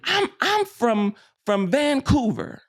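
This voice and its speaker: A man's voice: very high voice, big pitch swings, slow pace, voice pushed up, full character voice. A man voicing a stubborn young boy who insists on where he is from and repeats himself.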